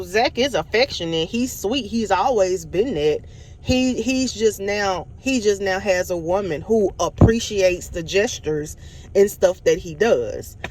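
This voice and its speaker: A woman's voice: mid-range voice, darkish tone, a little hiss or hum. A woman giving a casual recap of a TV episode, rambling with lots of restarts and acting out quotes from the characters. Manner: rambling, many restarts and fillers, acts out quotes. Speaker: TV show reviewer.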